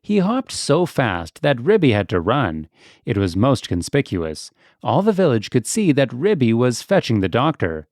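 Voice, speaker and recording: A man narrating a children's audiobook with expressive storytelling. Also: mid-range voice, measured pace, no echo, clean studio sound.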